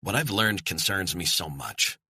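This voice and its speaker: A man's voice: low-pitched, lively intonation, measured pace, bright, forceful tone, husky, dry recording, exaggerated voice. A man voicing an earnest journalist urging a skeptical colleague to believe his source. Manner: earnest, persuasive.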